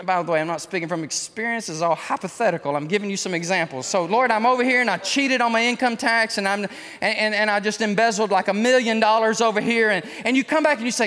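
A man preaching a sermon, acting out voices of sinners and then pleading softly in prayer during the invitation. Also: high-pitched, fast talker. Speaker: pastor. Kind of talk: sermon with altar call. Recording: church hall reverb.

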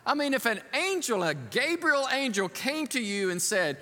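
A pastor delivering an animated sermon in a large church, acting out the voices of the people he tells about. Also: extremely high pitch, moderate pace, hardly any pauses, long reverb tail. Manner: animated, acts out the people he quotes.

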